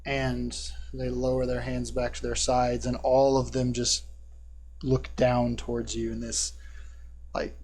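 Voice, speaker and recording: A man running a tabletop game as game master, describing scenes with a measured, descriptive delivery. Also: medium pitch, a little mellow. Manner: descriptive, measured narration with fillers.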